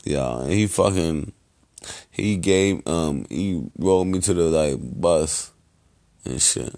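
A man hosting a podcast, giving loose, rambling shout-outs in heavy slang and profanity. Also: sits low, slow. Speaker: podcast host.

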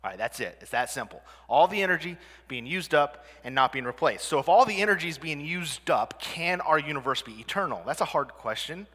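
A man with a bright, forceful and slightly high voice gives a presentation to a live audience. He talks in a conversational way and keeps checking in with his listeners through questions. His voice rings with the long reverb of a hall. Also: expressive, a little fast, hardly any pauses.

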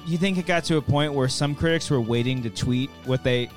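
A man's voice: medium pitch, brisk, soft background music. A man co-hosting a casual podcast, riffing sarcastically with the others. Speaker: podcast co-host.

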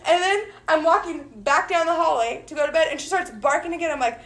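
A woman's voice: high-pitched, fast, fairly bright tone. A woman co-hosting a podcast, telling a story in a casual, profane, laughing way. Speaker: podcast co-host.

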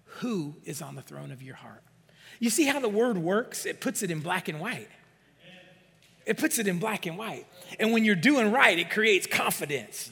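A man's voice: high voice, gravelly, bright, forceful tone, slightly rough. A middle-aged man preaching a sermon as pastor, emphatic, calling for amens and acting out the excuses of doubters. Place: church sanctuary. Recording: long hall reverb.

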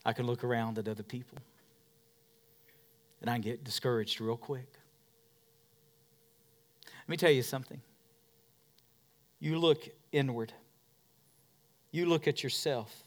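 A male pastor delivering a sermon, swinging from shouting to a hush and calling for responses from the congregation. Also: mid-range voice.

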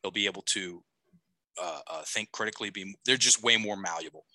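A man's voice: on the low side, fairly quick, sharp tone, no room sound, poor audio. A middle-aged man, a life coach, telling a long story on a podcast, restarting sentences and checking in with "okay?". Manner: rambling, self-correcting, frequent "okay?" check-ins.

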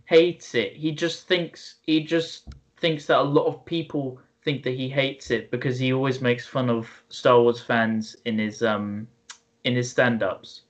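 A male podcast co-host explains his views earnestly and patiently in casual chat. His mid-range voice is flat and unhurried, and the recording has a dull, lo-fi sound.

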